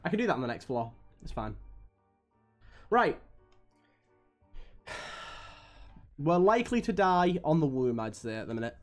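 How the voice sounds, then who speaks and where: Animated exasperated streamer man. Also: on the high side, unhurried, long pauses, faint music behind. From United Kingdom. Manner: exasperated, swearing, grumbling at the game. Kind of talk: live gameplay commentary.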